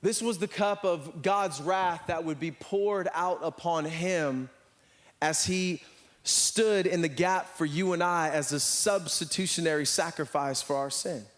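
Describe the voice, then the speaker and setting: At a slightly slow pace, an American man with a somewhat high voice preaches to a church. As a pastor, he tells lively stories and voices the people in them.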